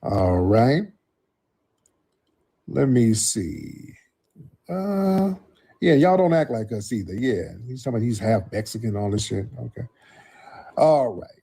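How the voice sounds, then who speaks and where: A man's voice: mid-range voice, lively intonation, slow, vocal fry, long pauses, mellow, husky. A man hosting a call-in livestream, talking bluntly and mocking his callers. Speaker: livestream host. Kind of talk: livestream commentary.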